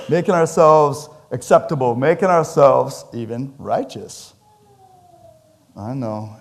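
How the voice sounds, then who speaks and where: With a slight hiss or hum in the background, a pastor preaches in church in a lively, conversational way. He jokes with the congregation while his pitch and loudness swing widely.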